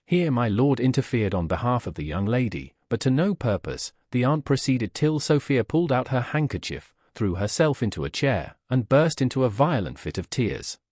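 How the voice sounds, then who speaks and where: A man narrating a classic novel as an audiobook, expressive and measured. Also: mid-range voice, no echo, clean studio sound.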